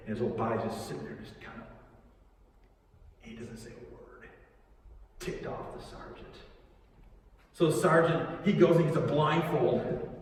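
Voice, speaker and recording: A man playing an aging cross builder in a first-person church monologue, halting and emotional, heard from afar in an echoey hall. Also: a little high, darkish tone, recorded from a distance, slight background noise. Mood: grim. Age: older. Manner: halting, emotional, restarts and nervous laughs. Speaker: church drama performer. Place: large echoey church sanctuary.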